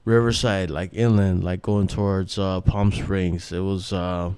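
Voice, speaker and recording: This host has a deep, somewhat mellow voice with a clear, resonant tone, delivered flatly at a measured pace without echo. His casual monologue wanders, laced with profanity, restarts, and fillers.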